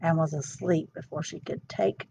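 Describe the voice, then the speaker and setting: A woman's voice: low-pitched, fairly even intonation, moderate pace, creaky, noisy background. A woman hosting a storytime, reading a children's book aloud with expression. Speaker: storytime host. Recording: dull lo-fi sound.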